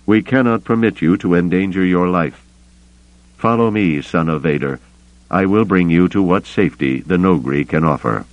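A man's voice: low voice, normal speed, dry recording, highs cut off. A man voicing a formal, solemn male alien pilot who speaks in ceremonial phrases.

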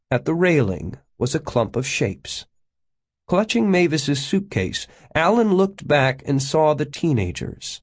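A man narrating an audiobook in a measured, expressive reading style. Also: fairly high pitch, breathy edge.

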